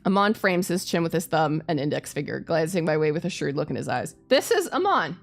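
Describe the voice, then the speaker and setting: A woman's voice: sits low, fast, vocal fry, faint music behind. A woman streaming a story game, reading its text aloud and breaking off into playful, laughing asides. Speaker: VTuber streamer. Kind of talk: reading a game's story aloud with live commentary.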